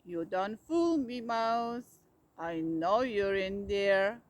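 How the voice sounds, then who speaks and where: A woman voicing a grumpy, stubborn male bear in a storybook, loud and emphatic. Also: medium pitch, expressive, drawn-out words, pitched below the performer's own voice.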